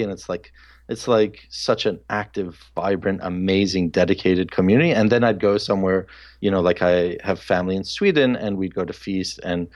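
A man hosting a casual podcast chat, talking candidly and reflectively with many fillers, his voice sometimes sounding harsh. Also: low-pitched. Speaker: podcast host. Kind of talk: casual conversation.

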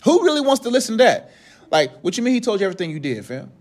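A young man preaches in a loose, conversational way, full of slang and jokes. His voice sits high for a man. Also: sing-song, rapid-fire. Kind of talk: casual sermon.

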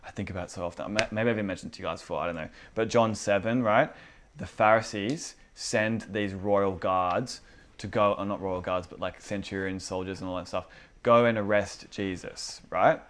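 A man's voice: low-pitched, normal speed. A man who leads a church teaching night, chatting casually about faith and acting out the people in his stories. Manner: animated storyteller who acts out quotes.

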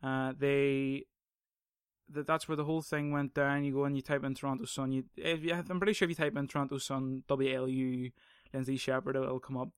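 A man's voice: medium pitch, flat delivery, brisk, smooth, no room sound, clean studio sound. A young man hosting a casual solo podcast, swearing, rambling and sarcastic. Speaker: podcast host.

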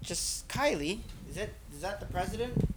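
A man's voice: high voice, lively intonation, moderate pace, heavy background noise. A man, a father, patiently asking his young children questions in a casual family chat at home.

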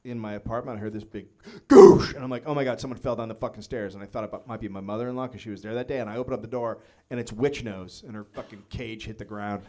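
A man's voice: fairly low pitch, very fast, few pauses. A man co-hosting a live comedy podcast, telling crude stories with a lot of swearing. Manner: profane storytelling, animated. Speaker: podcast co-host.

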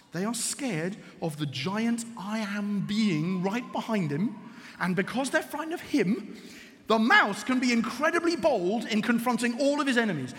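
A man preaching a sermon as an animated, emphatic storyteller. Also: sits high, big-room sound.

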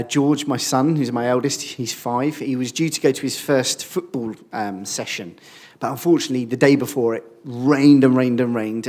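Man, thirties, preacher, husky voice, lively storytelling sermon. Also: mid-range voice. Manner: lively storytelling, acts out quoted speech.

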